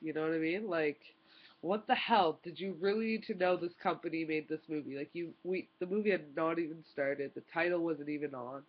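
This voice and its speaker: A woman's voice: sits low, a little fast, dull audio. A young woman vlogger telling a story in an exasperated, rambling way, full of "like" and restarts. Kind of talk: casual storytime rant.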